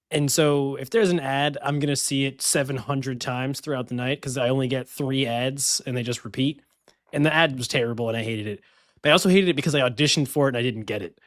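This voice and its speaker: A man co-hosting a podcast, spinning wry, self-mocking stories in easy chat. His voice is mid-pitched and recorded close and dry, with no room sound around it. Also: dry recording. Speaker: podcast co-host.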